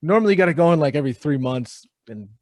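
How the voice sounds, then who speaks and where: A young man on a podcast with a lively, bouncing delivery that swings widely up and down. His voice sits a bit high. He curses freely and mimics others in a dry, close room. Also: rapid-fire, no room sound. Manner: animated, swears a lot, imitates others. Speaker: podcast co-host. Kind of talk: casual chat.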